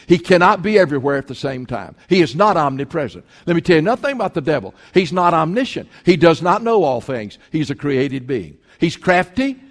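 A man preaching a sermon as pastor, emphatic and repeating his points for stress. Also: a little high. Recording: long hall reverb.

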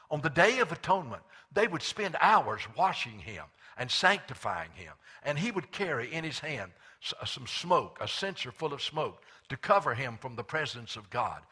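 A man preaching a sermon, rising to loud emphatic declarations and dropping to quiet asides, with halting restarts while he finds his verses. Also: mid-range voice, breathy edge. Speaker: pastor.

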